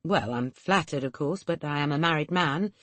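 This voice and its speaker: A polite, amused married man gently turning someone down, read by a woman narrator in her own low voice. The delivery stays plain and even, close to her narration, in a dry, close recording. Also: normal speed, no room sound.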